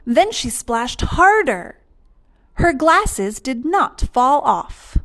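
Slow-reading woman storyteller. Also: high voice, big pitch swings, fairly bright tone.

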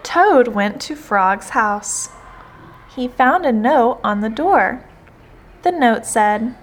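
Woman reading a storybook aloud. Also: on the high side. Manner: slow, expressive.

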